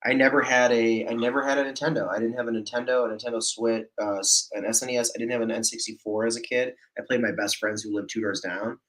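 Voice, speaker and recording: A man's voice: mid-range voice, fairly even intonation, fast, hardly any pauses, a bit bright. A man co-hosting a casual livestream, rambling and chatting easily from an indoor apartment. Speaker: livestream co-host.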